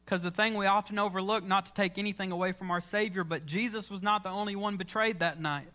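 A man's voice: high voice, fairly even intonation, fast, pushed and bright. A man preaching a sermon in church, telling the story with dramatic, acted-out lines. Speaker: pastor.

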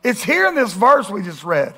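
A male pastor preaching a sermon, asking rhetorical questions and swinging between loud and hushed. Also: high voice, wildly swooping pitch, moderate pace.

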